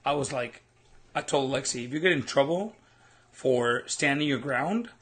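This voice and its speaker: A young man from Mexico co-hosting a casual chat, telling stories in a relaxed way. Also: mid-range voice, normal speed. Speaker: co-host.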